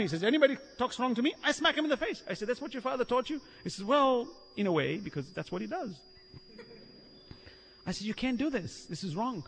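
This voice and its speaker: A man preaching a sermon, telling stories in an animated way, acting out the lines of the people he quotes and often laughing. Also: extremely high pitch, breathy edge. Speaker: Islamic preacher. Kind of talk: sermon with storytelling. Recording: long reverb of a hall.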